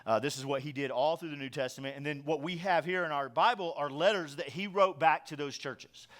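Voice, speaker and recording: A middle-aged man delivers a sermon as pastor, with a voice that sits a little higher than most men's. He talks to the congregation in a loose, conversational way, tossing in jokes and acting out quick bits of dialogue. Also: fairly bright tone. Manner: conversational, joking preaching with acted-out quotes.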